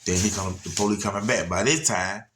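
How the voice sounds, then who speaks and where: A man, telling a story in a slightly low voice. He rambles in a laid-back way, circling back and checking in with his listeners. It is casual, unscripted storytelling. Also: fairly even intonation, fairly quick, background noise. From Atlanta area, USA. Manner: rambling, laid-back, frequent "you know what I'm saying".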